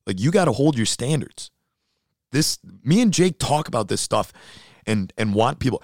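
A man co-hosting a casual fitness chat, blunt and animated, who gets fired up while he talks. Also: medium pitch, moderate pace, gravelly, no echo, studio quality.

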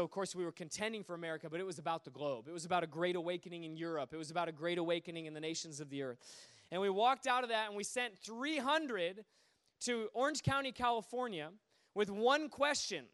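A man preaching a sermon, telling stories with lively energy and acting out the voices of the people in them. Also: high-pitched, smooth. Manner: animated, acts out quoted voices. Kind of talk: sermon storytelling.

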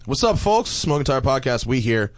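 A man's voice: mid-range voice, very animated, normal speed, dry recording. A man hosting a car podcast, chatting loosely with profanity and jokes. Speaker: podcast host. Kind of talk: casual chat.

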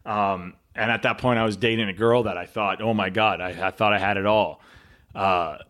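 Male guest, low register, earnest storyteller who repeats words and pauses for weight. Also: steady tone, fairly bright tone. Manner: earnest, dramatic pauses and repetition. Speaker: podcast guest. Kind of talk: storytelling interview answer.

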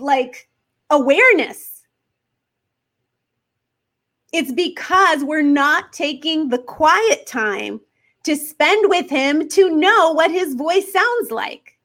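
A woman hosting a faith podcast, talking earnestly to her listeners and leaning on slow, emphatic questions. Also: high-pitched, a bit bright. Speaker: podcast host.

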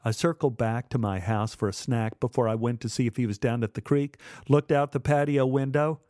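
Guy reading his own childhood story, measured pauses, super dry mic. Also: mid-range voice, fairly even intonation, dark tone, no echo. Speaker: narrator. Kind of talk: first-person memoir storytelling.

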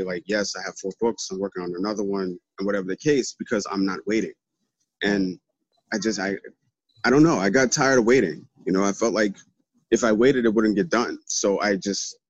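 A man speaks as a podcast guest in relaxed, casual talk, circling back over his words as he thinks. His voice is low, and it comes through dull and lo-fi. The sound is dry. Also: dry recording. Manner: relaxed, repeats himself while thinking.

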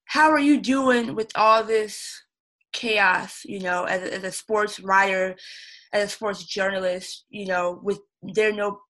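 A woman's voice: mid-range voice, slow pace, a bit bright, rough recording. A woman hosting an interview show, asking questions in a casual conversational way with frequent fillers. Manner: conversational, frequent likes and you knows.

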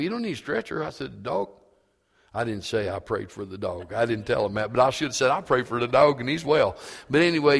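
A man's voice: medium pitch, creaky, fairly bright tone. A man preaching a sermon as a pastor, telling a homespun story and building to fervent, emphatic preaching. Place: church. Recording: reverberant church hall.

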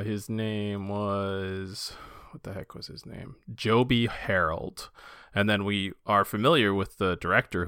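A man's voice: low-pitched, bright, forceful tone, smooth, dry recording, clean studio sound. A man co-hosting a casual fan podcast, enthusiastic and loose, with lots of fillers and restarts. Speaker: podcast co-host.

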